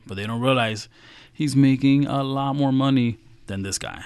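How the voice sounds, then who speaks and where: A man's voice: mid-range voice, moderate pace, clean tone, no room sound. A middle-aged man from Queens, a financial advisor telling stories in a casual interview and acting out the quotes. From Queens, New York. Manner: animated, acts out quotes.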